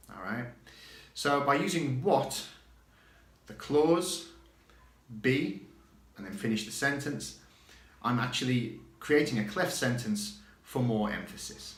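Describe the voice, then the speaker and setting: A man teaching an English exam grammar lesson from his home study, chatty and repeating example phrases slowly for learners. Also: medium pitch, lively intonation, a bit bright. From Catalonia, living there. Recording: echoey room.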